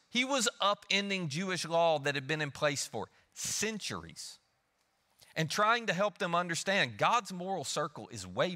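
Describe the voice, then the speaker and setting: A male pastor preaching in a lively, conversational way, his pitch swinging widely as he asks the room questions. His voice is bright and forward. A long reverb from the church hall follows each phrase. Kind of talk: sermon. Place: church auditorium.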